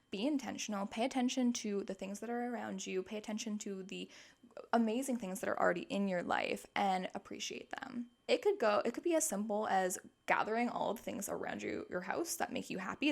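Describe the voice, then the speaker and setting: A woman's voice: mid-range voice, creaky. A young woman in her twenties hosting a casual self-help podcast, chatty and upbeat with plenty of fillers. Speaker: podcast host.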